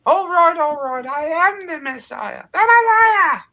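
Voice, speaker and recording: A man voicing an indignant, shrill middle-aged mother in a squawking falsetto. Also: animated, takes it slowly, bright, forceful tone, exaggerated voice. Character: shrill scolding mother of a would-be prophet, middle-aged woman.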